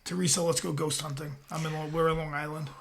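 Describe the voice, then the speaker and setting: A man's voice: on the high side, quick pace, creaky, slight background noise. A man hosting a podcast, telling stories in casual chat, swearing a lot and acting out the people he quotes. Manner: animated storyteller, swears a lot, acts out quotes. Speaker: podcast host. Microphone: headphones with mic.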